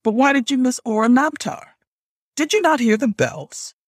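A man's voice: fairly high pitch, big pitch swings, unhurried, husky, no echo, clean studio sound, full character voice. A man reading a stern goddess grandmother. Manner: hard, demanding tone. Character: stern ancient goddess grandmother, cold and commanding.

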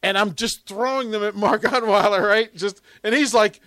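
A man's voice: high voice, fairly even intonation, moderate pace, sharp tone, dry recording. A middle-aged man talks on a radio show in a slightly raised voice, through a dry studio microphone with no room sound. He rambles through stories and laughs often. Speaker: radio host. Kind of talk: casual on-air chat.

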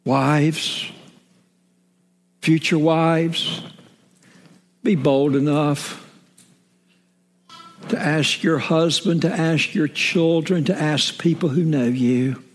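A middle-aged man preaching a sermon as a pastor, with emphatic swings from raised shouts down to whispers. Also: fairly high pitch, fairly even intonation, drawn-out words, long pauses. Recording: long hall reverb.

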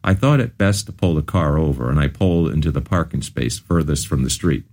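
A man's voice: a bass voice, lively intonation, a little fast, a little mellow. A man narrating his own memoir as an audiobook, telling it earnestly in the first person.

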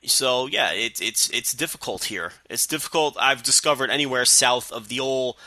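Bright dry-voiced man chatting casually. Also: mid-range voice, normal speed, dry recording. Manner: relaxed, many restarts and you-knows. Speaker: podcast co-host. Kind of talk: casual chat.

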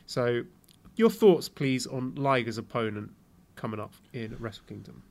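A man co-hosting a podcast, reading listener questions aloud in a steady, casual way. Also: medium pitch, moderate pace. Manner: steady, reads questions aloud and hands them over.

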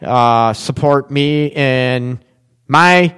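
A man's voice: medium pitch, extremely slow, fairly bright tone, clear, resonant tone. Blunt rambling male radio host, reverby. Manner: blunt, rambling, many fillers. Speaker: relationship radio show host. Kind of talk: casual radio talk show monologue.

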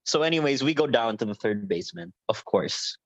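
A young man telling a story in a casual chat with friends, animated and swearing, acting out what people said. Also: medium pitch, fairly quick, no echo. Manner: animated, swearing, acts out quotes. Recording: dull, dry lo-fi sound.

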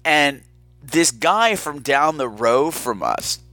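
Male podcast host, campy and sardonic, bright and lively, dry close sound. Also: on the high side, slow, no room sound. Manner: campy, sardonic, animated storytelling. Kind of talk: casual chat.

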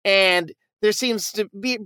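A man's voice: sits high, takes it slowly, pushed and bright, clean tone, no room sound. Male podcast co-host, casual and swearing freely, dry close sound. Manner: loose, profane, enthusiastic. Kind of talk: casual review chat.

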